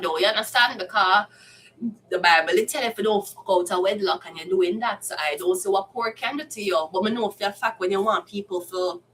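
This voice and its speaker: Her voice mid-range, bright and pushed, a Jamaican-accented woman who reads tarot cards vents in a blunt, heated monologue laced with profanity. The mic sits at a distance, with a little background noise.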